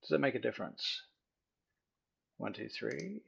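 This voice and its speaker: A man running a tabletop role-playing game as game master, casual and joking, slowing down to set scenes. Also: mid-range voice, animated, creaky, a bit bright, breathy edge. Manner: casual, joking, with slow vivid scene-setting.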